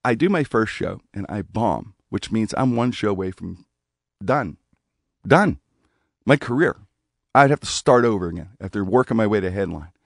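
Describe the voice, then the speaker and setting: Gravelly-voiced man telling a rambling story. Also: on the low side, fairly quick, no echo, studio quality. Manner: rambling, animated anecdote with restarts. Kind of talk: casual storytelling.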